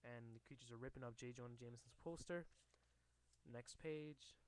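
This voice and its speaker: A man's voice: medium pitch, normal speed. A man casually reading a comic book aloud to a camera, hesitant with many fillers and restarts.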